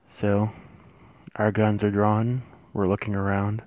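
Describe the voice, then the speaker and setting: A man telling a first-person horror story, hushed and suspenseful, with drawn-out pauses. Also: fairly low pitch, completely flat delivery, dry recording.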